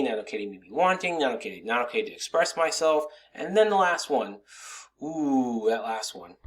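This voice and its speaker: Male coach, plain mid voice, loose rambling delivery with casual swearing. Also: medium pitch. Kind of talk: casual motivational talk to camera.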